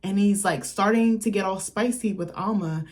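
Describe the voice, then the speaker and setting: A young woman, a film critic vlogger, casually recaps a movie in a chatty way, swearing freely and acting out lines from scenes. Her voice is medium-pitched, a bit mellow, at normal speed.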